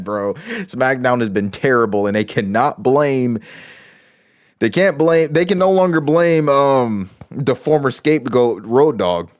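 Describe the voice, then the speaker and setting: A man's voice: lowish voice, no echo, clean studio sound. A man giving casual commentary as a wrestling show reviewer, rambling with many restarts and fillers.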